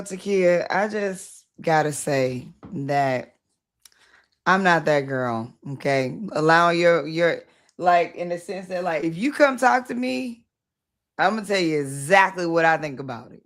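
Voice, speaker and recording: A woman hosting a casual conversation, talking bluntly and in an animated way, acting out the things she says to people. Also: lowish voice, unhurried. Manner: blunt, animated, acts out her own past self. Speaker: host, founder of the organization.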